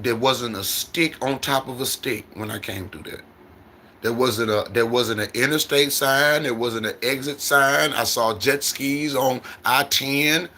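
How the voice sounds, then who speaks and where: A man's voice: medium pitch, sharp tone. A middle-aged man who drives trucks, talking on his livestream in a repetitive, preacherly storytelling way into a phone. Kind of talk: casual livestream monologue.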